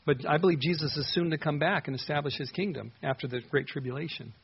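A man's voice: fairly high pitch, fast talker, gravelly, breathy edge, highs cut off. A man preaching a sermon, earnestly reading scripture verses aloud and explaining them. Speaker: pastor.

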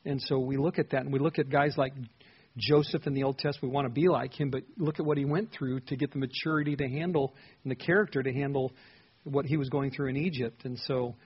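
A man with a somewhat husky voice preaches a sermon in a relaxed, conversational way. He walks through a psalm and speaks its prayers aloud as if in the writer's own voice. The recording sounds slightly dull and lo-fi. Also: medium pitch, quick pace. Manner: conversational Bible teaching, voicing the psalmist's prayers with rising emotion. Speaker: pastor.

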